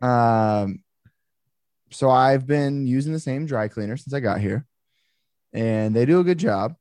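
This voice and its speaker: A man co-hosting a casual podcast, telling a story with animated, exasperated swearing. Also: mid-range voice, measured pace, no echo, clean studio sound. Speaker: podcast co-host. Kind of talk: casual chat.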